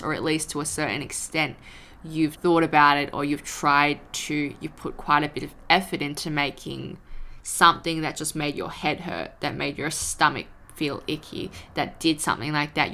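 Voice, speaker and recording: A young woman chats casually on her vlog, rambling from thought to thought and acting out her own frustrated rants. Her voice sits low with a gravelly fry, but it carries a bright, forceful edge. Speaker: vlogger. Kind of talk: casual talk to camera.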